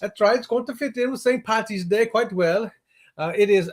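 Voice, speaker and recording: A man's voice: sits high, moderate pace. A man co-hosting a live morning cruise show, chatting casually, joking and laughing easily. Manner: jokey, laughing, easygoing. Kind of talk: casual live-stream chat.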